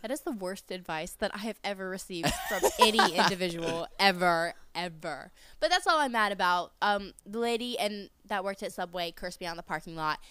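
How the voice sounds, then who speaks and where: Smooth-voiced young woman telling a story. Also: mid-range voice, fairly quick, hardly any pauses. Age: young adult. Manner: animated storytelling, acting out quotes. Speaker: podcast co-host. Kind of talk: casual chat.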